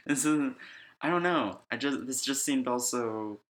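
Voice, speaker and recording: A man's voice: medium pitch, measured pace. A man co-hosting a podcast, chatting casually about a movie, joking and often laughing. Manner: joking and animated, often laughing and acting out quotes. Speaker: podcast co-host.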